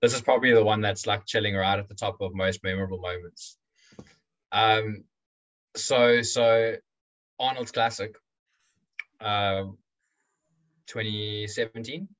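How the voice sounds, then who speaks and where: A young man with a fairly low voice sits as a guest in a casual chat. He talks in a loose, rambling way, restarting his sentences and laughing along. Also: fairly even intonation, unhurried, long pauses, a bit bright, rough recording.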